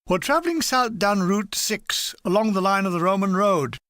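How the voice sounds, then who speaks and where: A woman's voice: mid-range voice, expressive, moderate pace, few pauses, a bit bright, no room sound. An older woman reading a comic war memoir aloud, with dry comic timing. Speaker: reader.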